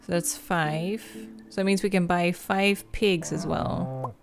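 Woman, gameplay commentary, leisurely slow delivery, chatty and giggly, light music faintly underneath. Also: on the low side, vocal fry. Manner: chatty, muses aloud, giggles and hums while playing. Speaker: gaming video creator.

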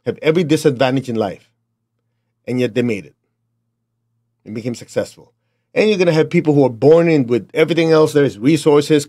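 Middle-aged man, Chinese accent, motivational teacher, blunt and emphatic, mid-pitched voice. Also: mellow. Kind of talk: motivational talk.

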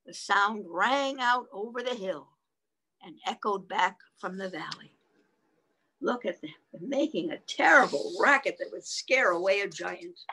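A woman's voice: medium pitch, expressive, a little slow, bright, forceful tone, husky. A woman reading a picture book aloud to toddlers, sing-song, stopping to ask them questions. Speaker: children's storyteller.

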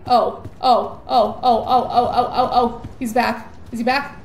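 Woman, young adult, high-pitched, jittery horror game commentary, echoey room, faint background noise. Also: steady tone, normal speed. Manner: jittery, rambling, repeats words in bursts. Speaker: gaming YouTuber.

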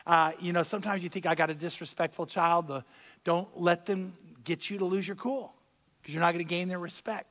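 A man delivers a sermon as pastor, his voice sitting noticeably high for a man. He talks conversationally, repeats his key lines and pushes louder to land a point. The sound carries the long ring of a large church sanctuary. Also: fairly even intonation, fairly quick, in a large hall. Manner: conversational preaching, repeats key phrases, swings louder for emphasis.

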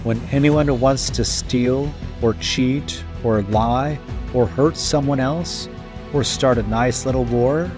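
A man voicing a huge, ugly male monster freed from a bottle in a read-aloud storybook, with a booming, gloating manner. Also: takes it slowly, music in the background, natural voice. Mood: gloating menace.

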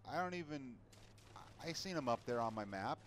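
A man's voice: mid-range voice, lively intonation, normal speed, noisy background. A man commentating his own video game play in a frustrated, profane rant. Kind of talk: casual gameplay commentary. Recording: gameplay with loud gunfire behind. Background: game gunfire and clicks.

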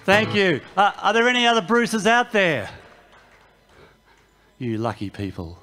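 On an outdoor festival stage, an Australian singer-songwriter tells wry, self-mocking stories between songs while a loud acoustic guitar plays. His voice sits high with huge pitch swings, and he takes his time.

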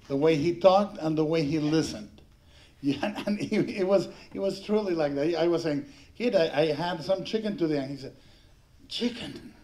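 A middle-aged man from Mexico speaking as a panelist at a film tribute, telling rambling, halting anecdotes with frequent restarts and laughter. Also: a little high, mellow. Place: panel before an audience.

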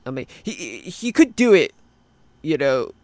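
A man's voice: on the high side, very animated, moderate pace, a little mellow, no echo. Man doing a rambling Australian cartoon guy. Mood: complaining. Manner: rambling, full of fillers. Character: rambling male cartoon interviewee, adult. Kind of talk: hobby cartoon voice acting.

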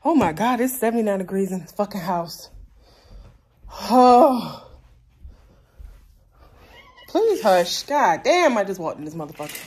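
A woman's voice: medium pitch, sing-song, brisk, hardly any pauses, breathy edge, rough recording. A young woman in a casual vlog, chatting bluntly and swearing freely into a handheld phone. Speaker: vlogger. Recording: loud street traffic noise. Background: passing cars.

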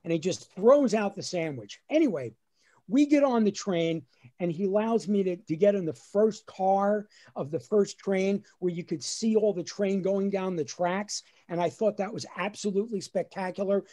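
Guy telling a funny story about being a kid, mellow voice, video call sound. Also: sits high, moderate pace. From New Jersey. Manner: animated storyteller acting out his dad's voice. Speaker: lawyer and comedian. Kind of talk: comic storytelling. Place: at home on a webinar.

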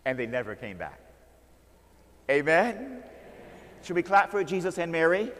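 American priest, storytelling sermon, lively swooping voice, high pitch, calls for amens. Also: male voice, measured pace, big-room sound, slight background noise. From United States. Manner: animated, calls out "Amen?" to the crowd. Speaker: Catholic priest, preacher.

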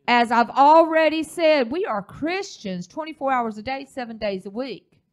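A woman's voice: high-pitched, expressive, moderate pace. A woman, the pastor's wife, teaching a church leadership class in a preaching style, telling a story with emphasis.

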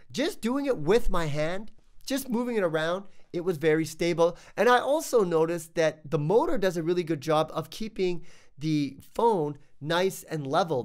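A man reviewing tech gear in a casual vlog, ranting with exasperation and stumbling over restarts. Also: fairly high pitch.

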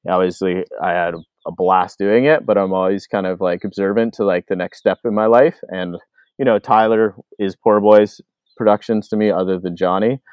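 Canadian guy, deep voice, rambling storyteller, dry dull sound. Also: moderate pace, smooth, no room sound. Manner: animated, acts out quoted voices, many fillers. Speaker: filmmaker guest. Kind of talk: casual storytelling.

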